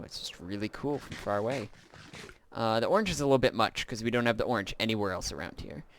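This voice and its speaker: A man's voice: on the low side, fairly bright tone, clear, resonant tone, no room sound. A man giving casual, rambling gameplay commentary as he shows a build, with frequent filler sounds. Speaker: gameplay video host.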